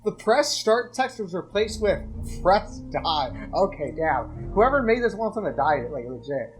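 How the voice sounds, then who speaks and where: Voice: medium pitch, sing-song, unhurried, faint music behind. A host reading joke horror stories aloud and breaking off for casual, profane commentary, with frequent laughter. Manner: casual, swears a lot, laughs often.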